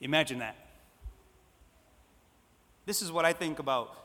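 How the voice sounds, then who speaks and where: A man preaching a sermon, repeating phrases and swinging between loud emphatic lines and soft, hushed ones. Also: a little high, a little slow. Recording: long hall reverb.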